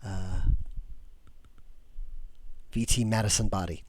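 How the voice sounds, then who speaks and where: A hoarse man, a game developer, talking casually on a live stream and muttering to himself as he works. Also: low-pitched, fairly even intonation, slow, noisy background. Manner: muttering to himself while working.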